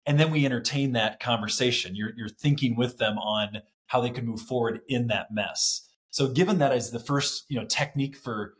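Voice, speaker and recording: A man with a mid-range voice speaks on a podcast. He is thoughtful and halting, and often repeats words as he feels his way through an idea. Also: mid-range voice. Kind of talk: conversational podcast talk.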